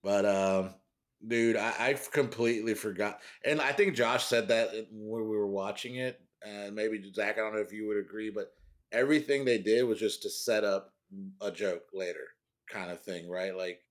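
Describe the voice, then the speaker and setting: Low-pitched male podcast host, loose rambling delivery. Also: normal speed. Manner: rambling, laughs often, trails off. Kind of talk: casual chat.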